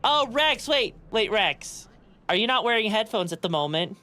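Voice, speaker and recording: A young woman, a VTuber, chats casually on her live stream in a medium-pitched voice at a moderate pace. She's animated and giggles often while reading and answering her viewers' messages.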